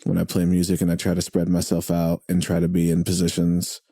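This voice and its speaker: Guy rambling thru an interview at someone's house, lots of uhs, dark mellow voice, dry close sound. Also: sits low, monotone, brisk, breathy edge, no echo. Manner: rambling, many fillers and restarts. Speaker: podcast guest, drummer and radio host. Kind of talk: casual interview chat. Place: host's home.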